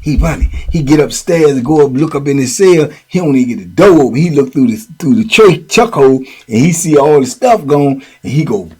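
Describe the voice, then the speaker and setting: Husky middle-aged man telling stories. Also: on the high side, a little fast, hardly any pauses. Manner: slangy, animated, lots of "you know what I'm saying". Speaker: host telling prison stories. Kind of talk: casual storytelling.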